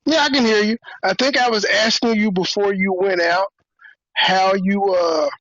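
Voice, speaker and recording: A man's voice: high voice, fairly even intonation, moderate pace, fairly bright tone, dry recording. A man from Memphis, hosting a livestream talk show in a blunt, provocative, teasing way. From Memphis, USA. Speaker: show host. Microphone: video call stream. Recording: dull dry lo-fi stream audio.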